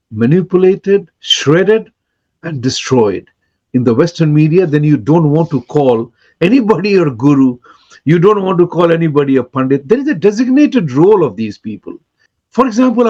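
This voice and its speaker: A man speaks in a husky, slightly raised voice that swings widely up and down as he presses his points. He is insistent and emphatic, repeating words as he builds his argument. The sound is dull and lo-fi. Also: fairly high pitch, darkish tone. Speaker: commentator and host. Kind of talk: impassioned talk to camera.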